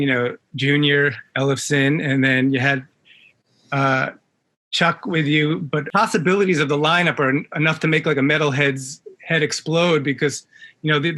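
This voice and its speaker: A man's voice: a little high, bright, forceful tone. A man interviewing a musician, asking long, hedging questions full of fillers.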